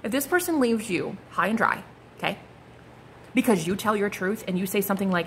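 A young woman giving a casual tarot reading to her viewers, blunt and animated, swearing freely as she calls things out. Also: medium pitch, fairly quick, a little hiss or hum. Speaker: psychic tarot reader.

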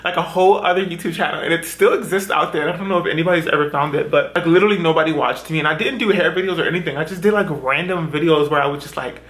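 A man's voice: fairly high pitch, rapid-fire, hardly any pauses, fairly bright tone. A young adult man chatting through a hair tutorial, dramatic and self-mocking as he tells embarrassing stories. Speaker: beauty vlogger. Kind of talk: chatty get-ready-with-me storytime.

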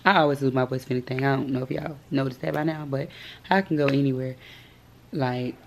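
A young woman in her twenties with a hoarse, worn-out voice, chatting casually to her vlog viewers. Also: a bass voice, fairly even intonation, a little fast, a little hiss or hum. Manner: chatty, storytelling, slangy. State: hoarse, lost voice. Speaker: vlogger.

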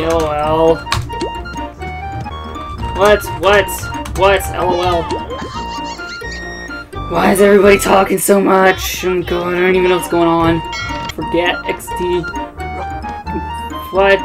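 A woman's voice: on the low side, fairly even intonation, measured pace, long pauses, low-quality recording. A teenage girl co-playing a game, distracted, swearing and muttering to herself. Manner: distracted, swears, mutters under her breath. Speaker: let's play co-player. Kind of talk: casual gaming chat. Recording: music playing in the background.

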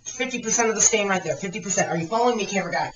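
Woman, mock infomercial huckster, quick repetitive patter, roomy far-off sound. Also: mid-range voice, animated, dull audio, noisy background. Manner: rambling, repetitive sales patter. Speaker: parody infomercial pitchman. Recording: echoey room, far from the mic.

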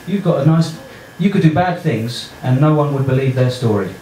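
A man with an English accent doing a stand-up comedy set in a small club, deadpan and offhand, chatting with the crowd. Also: mid-range voice, normal speed. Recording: echoey comedy club with loud noise.

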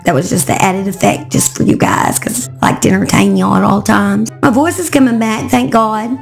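A woman, hoarse and cracking, chatting to viewers as she tells a true crime story. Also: mid-range voice, expressive, moderate pace, faint music behind. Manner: chatty, talks straight to viewers.

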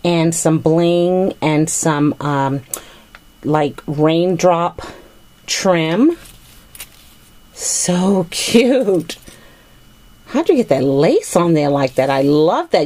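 A woman's voice: on the low side, darkish tone. A middle-aged woman chatting casually while unboxing a gift package, gushing with thanks over each item. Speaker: vlogger opening a gift package.

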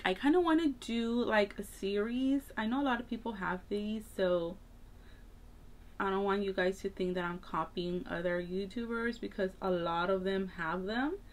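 A woman's voice: medium pitch, measured pace, a little hiss or hum. A woman makeup vlogger chatting casually while getting ready, rambling with lots of filler words. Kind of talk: casual get-ready-with-me chat.

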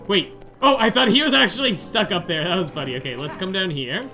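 A man giving chatty, excitable commentary over his own video game playthrough. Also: sits high, quick pace, hardly any pauses. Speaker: gamer doing a playthrough. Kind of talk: casual let's-play commentary. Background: game music.

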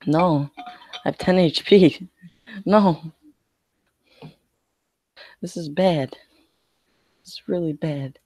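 A man's voice: a little high, slow pace, pauses often, darkish tone, no echo. A young man streaming a card game, complaining in a whiny, mock-scared way. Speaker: gaming streamer.

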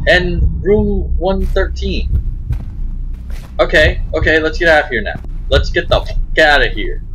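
A man's voice: on the high side, a little slow, fairly bright tone, slight background noise, rough recording. A young man hosting his own gaming channel, giving jumpy, frightened commentary on a horror game and muttering to himself.

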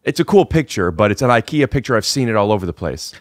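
A man's voice: lowish voice, very animated, quick pace, no echo, clean studio sound. A man hosting a podcast from his living room, rambling and restarting as he chats with a guest. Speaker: podcast host. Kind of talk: casual chat. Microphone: podcast microphone.

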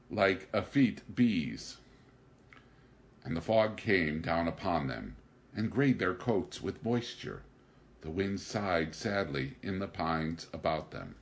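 A man reading a novel aloud as an audiobook narrator, narrating evenly and lifting his voice for the dialogue. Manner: raises pitch and volume for dialogue, narrates evenly. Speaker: audiobook reader. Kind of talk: scripted narration.

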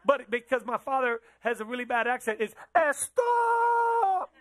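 A fast-talking pastor with a medium-pitched, slightly bright voice and fairly even intonation preaches in a church. The sermon is conversational, full of questions for the audience and phrases repeated for emphasis.

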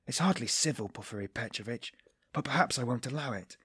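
A male narrator voicing a tormented, suspicious young student in an audiobook, his pitch jumping between shrill outbursts and low mutters. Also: expressive, fairly quick, pushed and bright, husky, no room sound, studio quality, exaggerated voice. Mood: raging. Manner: agitated inner monologue, swinging between shrill and muttered. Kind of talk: audiobook character voice.

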